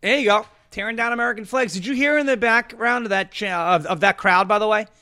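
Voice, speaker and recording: A man's voice: high voice, fast, background noise. A man hosting a political talk show, reading ads and getting heated and emphatic. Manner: emphatic, rising to heated outbursts. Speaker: show host.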